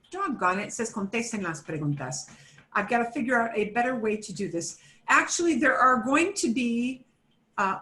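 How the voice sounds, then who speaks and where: A woman's voice: on the high side, fairly bright tone. Chatty woman teaching a beginner Spanish class. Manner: chatty and repetitive, with fillers and self-corrections; switches between English and Spanish. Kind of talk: online class instruction.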